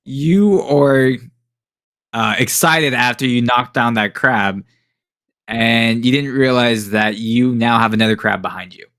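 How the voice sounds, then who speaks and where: Man as game master for a tabletop game, slow and bright, dry close sound, casual with lots of ums. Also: medium pitch, dry recording. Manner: casual, hesitant, with many fillers and chuckles.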